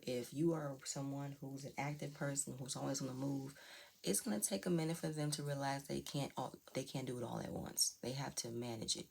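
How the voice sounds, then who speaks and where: Woman, gravelly, low-pitched, casual commentary, opinionated, talks to viewers. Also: darkish tone, a little hiss or hum. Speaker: reality TV reviewer.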